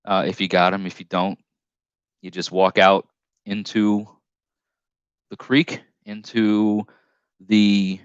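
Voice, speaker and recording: Northern US man, lowish voice, rambling live-stream storyteller, dull dry headset sound. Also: dry recording. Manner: rambling storytelling with many restarts and self-corrections. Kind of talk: casual live stream chat.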